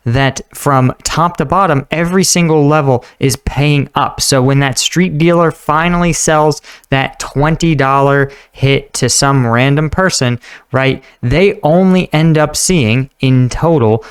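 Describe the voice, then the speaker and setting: A man hosting a reaction video, chatting casually and musing out loud, laughing often. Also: fairly high pitch, measured pace, clear, resonant tone. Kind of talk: casual commentary.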